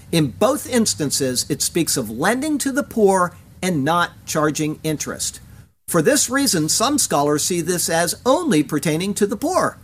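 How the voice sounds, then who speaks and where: A Bible teacher delivering a verse-by-verse commentary in a measured, deliberate cadence. He leans on key words for emphasis and carefully sounds out Hebrew phrases between the scripture readings. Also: medium pitch, fairly bright tone.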